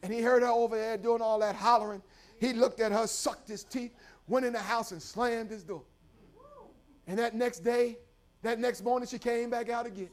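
A man preaching a story-driven sermon in a church, calling for responses and building to shouted praise. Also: very high voice, steady tone, moderate pace.

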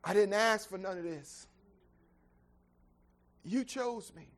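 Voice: mid-range voice, takes it slowly, lightly acted. Mary, a preacher voicing a frightened young mother-to-be. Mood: tearful. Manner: soft, tearful pleading prayer. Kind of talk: sermon storytelling.

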